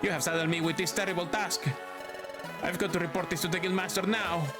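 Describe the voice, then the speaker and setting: A man doing a shrill, scolding bird officer. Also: fairly even intonation, fairly quick, lightly acted. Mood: indignant. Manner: scolding, flustered. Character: shrill, bossy male bird guild officer. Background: game music.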